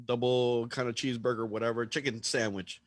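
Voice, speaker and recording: A man's voice: medium pitch, flat delivery, brisk, no echo, studio quality. A man in a casual podcast chat, ranting and telling a story with lots of swearing and animation.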